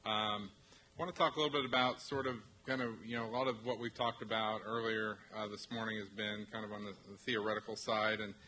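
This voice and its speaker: A man from a university technology transfer office presenting to faculty, halting, with many restarts and fillers. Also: on the low side, steady tone, bright, forceful tone, a little hiss or hum, poor audio.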